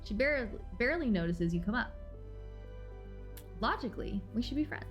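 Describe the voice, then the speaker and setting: A woman streaming a game live, reading its story aloud and reacting in an expressive, dramatic way, from loud outbursts to low mumbles. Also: brisk, faint music behind.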